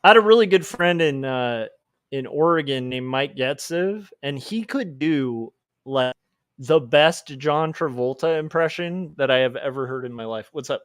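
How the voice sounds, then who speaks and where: A man's voice: mid-range voice, lively intonation, normal speed, fairly bright tone, dry recording, clean studio sound. A man livestreaming while he draws comics, chatting casually and reading out chat messages, with rambling asides and chuckles.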